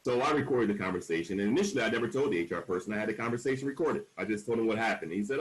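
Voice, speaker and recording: A man in his forties speaks in a somewhat low voice as a panel speaker, telling his own story frankly. He leans hard on key words and slips into the voices of the people he quotes. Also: lively intonation, very fast, hardly any pauses, rough recording. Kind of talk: candid personal storytelling at a panel.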